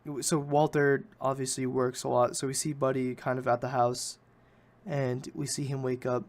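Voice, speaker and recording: A man's voice: medium pitch, level tone, normal speed, darkish tone. A man hosting a podcast, recapping a film in a rambling, casual way and often correcting himself. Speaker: podcast host.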